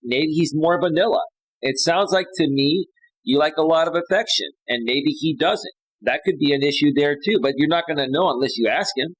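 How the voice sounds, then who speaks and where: A man's voice: a little high, moderate pace, no room sound, poor audio. Middle-aged guy coaching on a livestream, blunt and chatty, lots of "right?", dry mic. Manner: blunt, opinionated, many fillers and repeated "right?". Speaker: life coach and livestream host. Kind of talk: casual livestream commentary reading posts.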